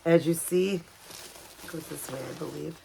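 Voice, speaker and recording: A woman at home filming an unboxing video for her vlog, talking softly and gushing with emotion. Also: sits low, a little slow, gravelly, noisy background. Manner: gushing, soft-spoken, emotional. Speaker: vlogger. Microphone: camera set up nearby.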